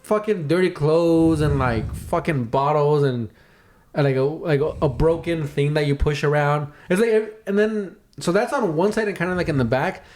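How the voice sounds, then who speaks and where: Young man telling a story, higher voice. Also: moderate pace. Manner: animated, swears a lot, acts out voices in his story. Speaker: podcast co-host. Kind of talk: casual storytelling.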